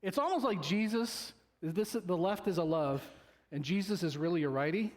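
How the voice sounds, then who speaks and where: A man's voice: high voice, lively intonation, moderate pace. A male pastor preaching a sermon in a loose, conversational way, joking with the congregation and acting out quoted voices. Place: church sanctuary.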